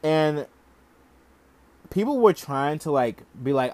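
A man's voice: fairly high pitch, expressive, slow pace, pauses often, darkish tone. A young man hosting a podcast, ranting in heated, casual commentary full of "like" and profanity. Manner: heated, profane, heavy use of "like". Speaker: podcast host.

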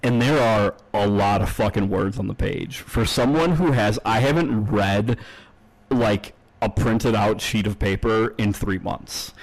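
A man's voice: on the low side, measured pace, low-quality recording. A man co-hosting a podcast, telling a long story in casual chat, rambling with lots of fillers and frequent swearing. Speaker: podcast co-host.

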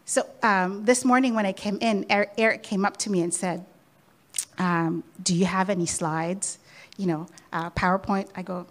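A middle-aged woman giving a sermon in an easy, conversational manner. She keeps returning to key phrases and leans on them with emphasis. Her voice sits at a middle pitch for a woman. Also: animated, normal speed. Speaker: preacher.

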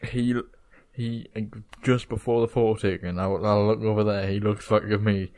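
A man's voice: fairly low pitch, fairly even intonation, normal speed, a little mellow. A young man in casual chat, rambling and hesitant with many fillers.

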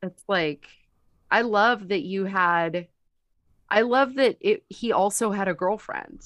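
An animated woman hosts a casual podcast conversation and tells stories with plenty of laughter. Her voice sits in a middle range. She sounds close and dry, with no room sound. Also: medium pitch, slow, no echo. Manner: animated storyteller, laughs a lot. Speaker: podcast host. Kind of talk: casual chat.

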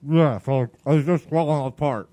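A man's voice: on the high side, moderate pace, dark tone, slight background noise. A man co-hosting a podcast, chatting casually and talking with his mouth full while eating. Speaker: podcast co-host.

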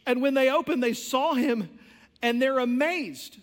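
A man's voice: very high-pitched, lively intonation, moderate pace. A man preaching an impassioned sermon as a pastor, with storytelling and conversational asides. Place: church sanctuary. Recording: long church hall reverb.

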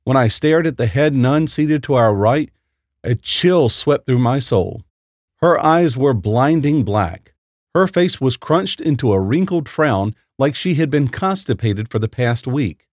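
A man narrating a first-person horror story in a lively, expressive storytelling voice. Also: mid-range voice, a little slow, dry recording, clean studio sound. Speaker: story reader.

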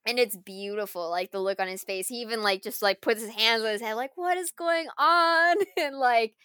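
A woman co-hosting a casual chat, retelling a film scene in an animated way, full of fillers and frequent laughter. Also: medium pitch, fairly quick, smooth, no room sound.

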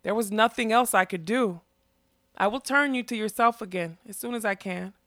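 Woman doing a young magician guy, hoarse, trying to stay level. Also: mid-range voice, normal speed, a bit bright, dry recording, clean studio sound, close to an everyday voice. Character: young male magician, earnest, shaken. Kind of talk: audiobook character reading.

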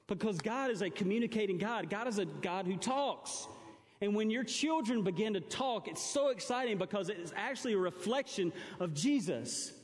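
A man's voice: sits high, in a large hall. A young man preaching a sermon to a congregation, telling stories and acting out his daughter's and his own words. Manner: storytelling, mimics his baby daughter and himself. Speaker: pastor.

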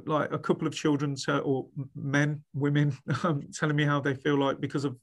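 A man's voice: a little high, fairly quick. Guy, head teacher on a podcast, chatty, lots of false starts, acts out other people's lines. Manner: animated storyteller, many restarts, acts out quoted speech. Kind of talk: casual podcast interview.

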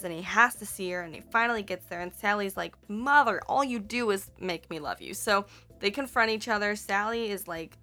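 Female host, casual recap read, bright and punchy tone, rambling and self-correcting. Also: medium pitch. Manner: chatty and rambling, self-correcting, playful swearing.

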